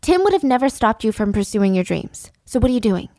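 A woman's voice: a little high, very animated, a little fast, mellow, no room sound. A woman quoting a worried young woman friend who pleads and scolds, close to her own voice. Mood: pleading. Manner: pleading, reproachful.

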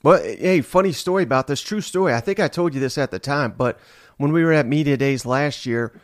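A man's voice: a little high, fairly quick, dry recording, clean studio sound. A man hosting a podcast in casual chat, telling stories and teasing his guest. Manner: teasing, relaxed storyteller. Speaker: podcast host.

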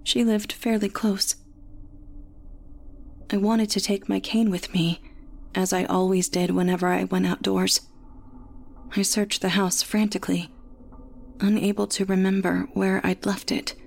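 A woman's voice: medium pitch, little pitch movement, unhurried, gravelly, long pauses, darkish tone. Woman narrating a horror story. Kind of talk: scripted first-person horror narration.

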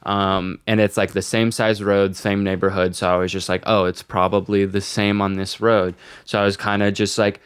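A man's voice: lowish voice, moderate pace, few pauses, smooth, no echo. A young man co-hosting a podcast, telling stories casually with lots of swearing. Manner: swears a lot, animated storytelling. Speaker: podcast co-host. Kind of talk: casual chat.

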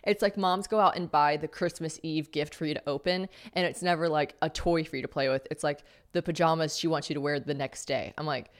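A young woman hosting a casual solo podcast, her voice sitting low for a woman. She talks fast, chatty and jokey, with casual swearing and bright ad reads. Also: fairly even intonation. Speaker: podcast host.

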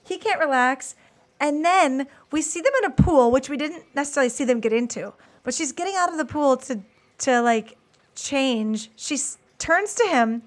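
A woman's voice: high voice, normal speed. A woman hosting a casual podcast, recapping a TV episode and acting out the scenes. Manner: lively recapper who acts out scenes, laughs often. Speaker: podcast host. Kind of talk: casual chat.

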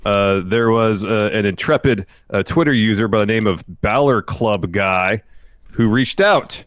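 Male podcast co-host, lowish voice, skeptical and wry, fillers, dry sound. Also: measured pace, fairly bright tone, clear, resonant tone, no echo. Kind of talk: casual wrestling news chat.

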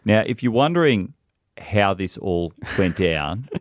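A New man co-hosting a radio show, swapping jokey stories with his partner. His voice sits low but swings widely in pitch as he gets animated. The studio sound is dry and close. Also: unhurried, no echo. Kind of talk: casual banter.

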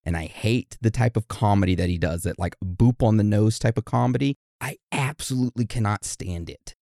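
A man co-hosting a podcast, reading birthday shout-outs in a casual, joking, animated way. His voice sits low and sounds dry and close to the mic. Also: a little fast, dry recording. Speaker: podcast co-host. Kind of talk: casual chat.

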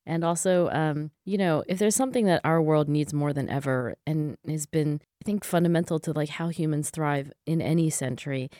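A woman psychologist and author being interviewed, speaking in an earnest, thoughtful way with quick restarts. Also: low voice, mellow, no echo, studio quality. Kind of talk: interview conversation.

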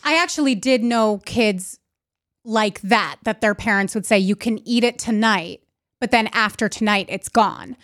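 A woman co-hosting a podcast, chatting casually, agreeable and quick to laugh. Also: medium pitch, fairly bright tone, no room sound, clean studio sound. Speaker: podcast co-host. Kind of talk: casual chat.

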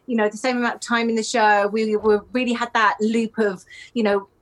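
A woman's voice: on the high side, level tone, a little fast. A woman who is a guest singer and performer, chatting casually and laughing readily. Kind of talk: casual chat.

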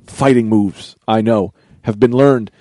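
A man co-hosting a podcast, casually telling a lively story and acting out the voices of the people in it. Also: lowish voice, a little slow, no echo, clean studio sound. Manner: animated, acts out voices while telling a story. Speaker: podcast co-host.

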